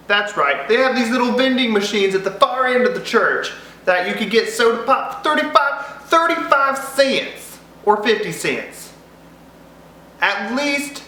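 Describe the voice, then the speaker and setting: Man, high and bright, rambling comic vlog storyteller, echoey room. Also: slight background noise. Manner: rambling, self-interrupting, jokey. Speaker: vlogger. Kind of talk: comedic storytelling.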